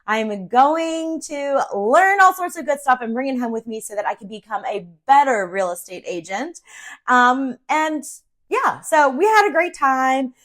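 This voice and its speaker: A woman's voice: high voice, measured pace. Chatty middle-aged woman telling a story. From Central Virginia. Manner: chatty, animated, with fillers. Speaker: real estate agent. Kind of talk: casual storytelling vlog.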